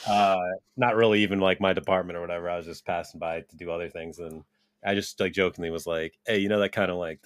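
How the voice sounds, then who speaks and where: A young man with a low-pitched voice chats loosely on a podcast, rambling through stories with lots of fillers and swearing. He laughs easily, and the recording is dry and close, with no room sound. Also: dry recording. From Japanese-American. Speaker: podcast co-host. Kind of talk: casual chat, storytelling.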